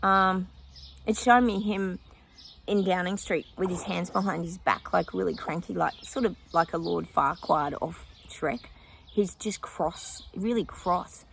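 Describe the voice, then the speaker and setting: Gravelly woman psychic vlogger. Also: on the low side, measured pace, fairly bright tone, slight background noise. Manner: chatty, breaks off to talk to her dog. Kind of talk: casual predictions monologue. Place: outdoors with a dog nearby.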